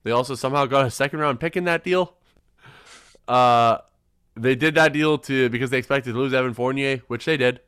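A young man hosting a casual sports podcast, excitable and quick to laugh, often restarting his sentences. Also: medium pitch, clear, resonant tone, no echo, clean studio sound. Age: young adult. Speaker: podcast host.

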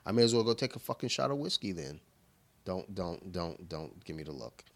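A low-pitched man with a bright, forward tone, chatting loosely on a podcast over beers. He swears often and drifts into his young daughter's lines when he tells stories. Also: big pitch swings, brisk, vocal fry, slight background noise. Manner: laid-back, swears freely, quotes his daughter in voices. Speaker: podcast co-host. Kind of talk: casual chat over beer.

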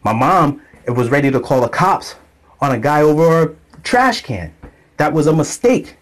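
Animated man telling a story. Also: on the high side, normal speed. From grew up in an island community. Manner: animated storytelling, acts out quoted voices. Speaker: vlogger. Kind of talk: casual monologue to camera.

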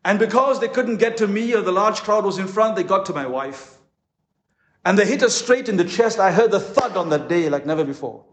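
A man preaching a conference sermon as a pastor, impassioned, with dramatic pauses. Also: high voice, expressive. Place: conference hall. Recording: echoey hall.

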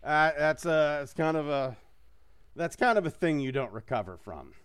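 A man's voice: fairly high pitch, lively intonation, moderate pace, fairly bright tone, clear, resonant tone. A man hosting a podcast, talking in a rambling, casual way, laughing often and swearing freely. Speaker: podcast host. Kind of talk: casual chat.

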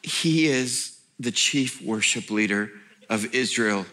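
A middle-aged male pastor preaching a sermon in an emphatic, animated way, breaking into laughing asides. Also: medium pitch, slow.

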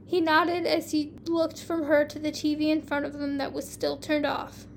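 A woman hosting a podcast, reading her fan fiction aloud in a plain, even storytelling way with small slips. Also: sits high, moderate pace, vocal fry, hardly any pauses, a little hiss or hum.

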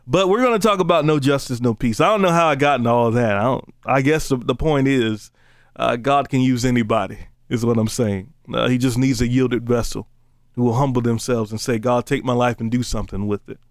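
A man preaching a casual, conversational sermon, joking between slow, emphatic scripture readings. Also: mid-range voice, dry recording, clean studio sound.

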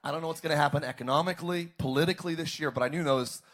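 Man preaching a lively sermon. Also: a little high, very fast. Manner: preaching with call-and-response, rising to shouts. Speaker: pastor. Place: church service, streamed online.

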